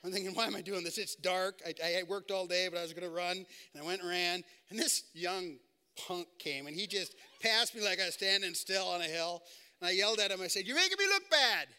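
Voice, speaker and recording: Man, pastor, high voice, very bright tone, chatty sermon, long hall reverb. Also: steady tone, a little fast, clean tone. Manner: conversational, repetitive restarts, acts out quoted thoughts. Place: church.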